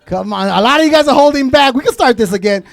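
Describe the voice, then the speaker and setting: A young man from Southern California performs a loud, crude stand-up comedy set, working the crowd and tossing in Spanish asides. His voice sits high and swings wildly in pitch. The sound is dry and close. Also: lively intonation, fast talker, vocal fry, no echo.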